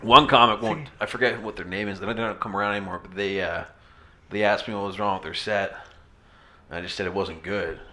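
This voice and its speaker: A man's voice: on the low side, fairly even intonation, sharp tone. A man, a stand-up comic, talking bluntly in casual chat with lots of swearing. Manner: fast, blunt, swears a lot.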